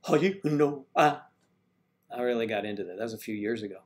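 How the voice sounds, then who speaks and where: An older man hosts a casual livestream, greeting viewers by name and rambling as he fumbles with his equipment. His voice sits in the mid range and moves fairly quickly.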